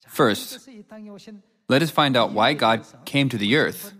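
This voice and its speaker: A man preaching in a measured, solemn read-aloud style, quoting scripture between his points. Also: mid-range voice, a bit bright. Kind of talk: scripted sermon narration.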